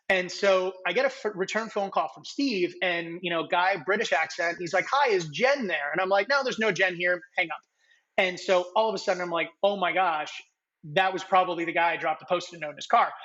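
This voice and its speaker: A man in his late thirties, a podcast guest telling stories in a casual, animated way and acting out the people he quotes. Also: high-pitched, fast talker, dull audio. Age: 30s. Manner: animated, acts out quoted dialogue. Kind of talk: casual interview storytelling.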